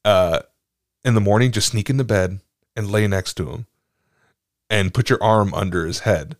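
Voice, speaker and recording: A man co-hosting a casual podcast who tells stories with frequent laughter and jumps up into a high register. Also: normal speed, no echo, clean studio sound. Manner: laughs a lot, goes to high, giggly peaks when telling stories. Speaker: podcast co-host. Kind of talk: casual storytelling chat.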